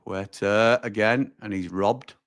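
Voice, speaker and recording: A man hosts a live football watch-along in a lowish voice. He chats with viewers, calls them pal and mate, and yelps at near misses. The sound is dry and close to the mic. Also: fairly even intonation, takes it slowly, dry recording. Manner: chatty, reacts loudly to chances, addresses viewers as pal and mate.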